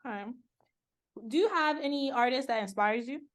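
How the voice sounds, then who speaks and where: Relaxed woman interviewer, fairly high voice. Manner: relaxed, laughs along, quick affirming fillers. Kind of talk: casual interview questions.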